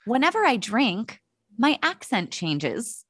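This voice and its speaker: Lively American woman in her thirties. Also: on the high side, slow pace, husky, no echo, clean studio sound. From United States. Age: 30s. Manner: storytelling, laughs often. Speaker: podcast co-host. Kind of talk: casual chat.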